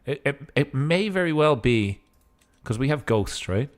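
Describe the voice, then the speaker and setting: A man's voice: mid-range voice, expressive, a little slow. A man giving casual gameplay commentary as a streamer, in a goofy mood with joking asides. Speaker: gaming streamer.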